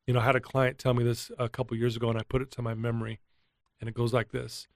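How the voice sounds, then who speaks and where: A middle-aged man recounts a personal turning point as an interview guest, speaking earnestly and with feeling. His voice sits in an ordinary middle pitch, recorded close and dry with no room sound. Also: fast, no room sound. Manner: earnest, emotional, animated retelling. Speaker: guest, addiction recovery coach. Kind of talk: candid storytelling interview.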